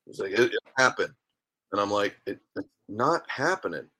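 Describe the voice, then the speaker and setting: A man's voice: fairly low pitch, very animated, normal speed, pushed and bright. A man in his thirties, a guest on a podcast, telling a long story casually and acting out the dialogue. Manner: rambling storyteller, acts out dialogue. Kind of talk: casual interview chat.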